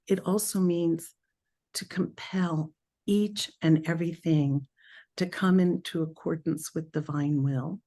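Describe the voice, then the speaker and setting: Slow, low-voiced woman leading spiritual talk. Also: fairly even intonation, mellow. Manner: thoughtful, halting, with pauses and self-corrections. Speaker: spiritual group leader.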